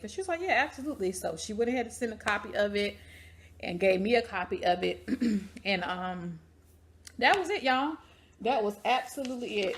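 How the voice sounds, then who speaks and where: Vlogger young woman, casual storytelling, chatty and lively, mid-pitched voice. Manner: chatty, animated, addresses viewers as y'all.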